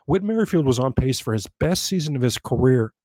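A man's voice: medium pitch, fairly quick, dry recording. Guy doing a solo sports rant, mid voice, keeps getting worked up, dry close sound. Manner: animated, exasperated outbursts and self-interrupting restarts. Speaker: sports podcast host. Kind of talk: solo sports talk commentary.

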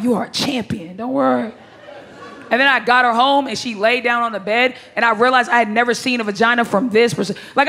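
A woman's voice: on the high side, bright, forceful tone, a little hiss or hum. A woman performing a stand-up comedy set, brash and blunt, with crude punchlines and bursts of laughter. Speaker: stand-up comic.

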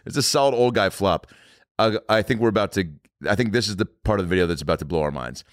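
A man's voice: fairly low pitch, quick pace, dry recording, studio quality. A man hosting a casual comedy chat, telling crude stories and joking while reacting to a video. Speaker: podcast host.

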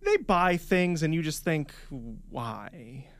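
A man talks in a radio studio, winding hesitantly through his explanation with plenty of fillers. His voice is slightly high, and the studio mic sounds close and dry. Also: animated, brisk, no echo. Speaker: radio producer. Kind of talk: casual podcast banter.

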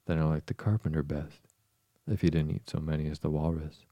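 A man's voice: very deep voice, little pitch movement, a little fast, warm tone, no room sound, highs cut off. A man voicing a polite, earnest little girl in an audiobook, prim and easily indignant. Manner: prim, indignant, then timid. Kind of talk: audiobook character reading.

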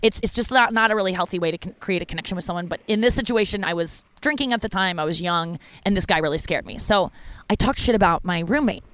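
Speaking at a quick pace with no room sound, a female stand-up comedian delivers a personal story in casual monologue form. Her delivery is frank, profane and peppered with "like," and her pitch leaps dramatically whenever she animatedly quotes someone.

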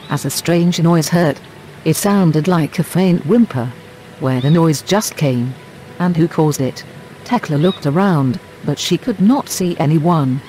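A man narrating a witch fairy tale in a flat, synthetic reading of awkwardly translated text. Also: on the high side, a little hiss or hum, low-quality recording.

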